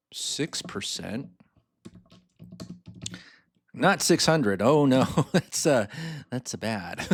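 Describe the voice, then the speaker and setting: An upbeat man teaching a finance lesson over a screen share, reading figures aloud twice and checking in with the viewer. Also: fairly low pitch. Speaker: finance mentor. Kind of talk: screen-share spreadsheet tutorial.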